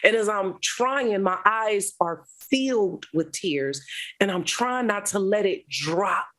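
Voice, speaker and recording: A middle-aged woman, a guest speaker, telling a personal testimony in an animated, dramatic way. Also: medium pitch, slow. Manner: animated, dramatic retelling with laughter. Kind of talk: storytelling testimony.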